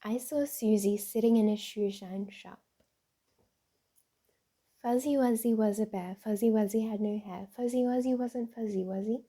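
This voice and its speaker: A woman doing a soft-spoken ASMR reading, carefully reading word puzzles and tongue twisters aloud, repeating the tricky lines. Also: mid-range voice, normal speed. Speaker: ASMR creator.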